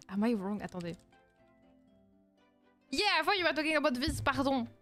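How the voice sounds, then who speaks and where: A woman's voice: high-pitched, big pitch swings, a little slow, fairly bright tone, faint music behind. A young French woman streaming with a French accent. She chats casually in a playful, mock-indignant way, laughs often and speaks English as a second language. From France. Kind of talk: casual react-stream chat.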